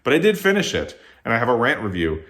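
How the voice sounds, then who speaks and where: A man's voice: mid-range voice, wildly swooping pitch, fast talker, fairly bright tone. A man hosting his own channel, giving a casual, exasperated and emphatic rant while reviewing books at home. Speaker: book reviewer and channel host. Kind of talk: casual opinionated book review. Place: at home on a couch.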